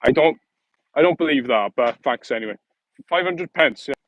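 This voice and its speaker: A man's voice: mid-range voice, expressive, moderate pace, dull audio. A young man chatting casually on a live stream, joking and answering viewer comments while walking outdoors.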